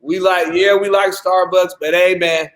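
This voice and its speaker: A man hosting a casual live stream, talking high and hyped. He jokes around and pushes the deal like a salesman. His banter stays playful all the way through. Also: flat delivery, measured pace, a bit bright. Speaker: show host. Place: Seattle.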